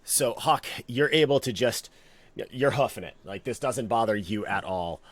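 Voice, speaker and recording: A man narrating as game master of a tabletop game, relaxed and meandering, with many fillers. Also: mid-range voice, moderate pace, dry recording.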